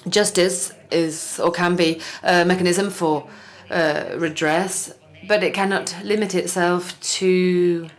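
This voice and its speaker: A woman with a fairly low voice finishes a talk at a forum. She speaks slowly and deliberately, stressing each point. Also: fairly even intonation. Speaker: panel speaker. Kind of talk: closing remarks of a talk.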